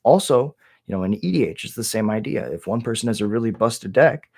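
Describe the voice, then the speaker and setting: Young man, lore storyteller, casual, rambling, ums and restarts, lowish voice. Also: animated, fairly quick, creaky, a little mellow, breathy edge. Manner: loose, rambling, lots of fillers and restarts. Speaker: lore video creator.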